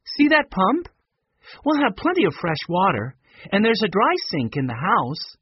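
A man voicing a sensible, take-charge older girl who talks in a brisk, practical way. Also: high-pitched, wildly swooping pitch, husky, highs cut off, voice pushed up, exaggerated voice.

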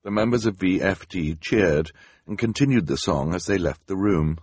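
A man's voice: sits low, lively intonation, moderate pace, darkish tone, breathy edge, dry recording. A man reading a story aloud in scripted audiobook narration, with a dry, wry storytelling manner.

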